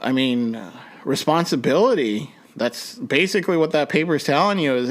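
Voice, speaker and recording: A man's voice: lively intonation, moderate pace. A young man hosting a podcast, telling a personal story in a rambling way with many restarts, his voice jumping up when he acts out his panic. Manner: rambling, frequent restarts, voice jumps high when reenacting panic. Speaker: podcast host.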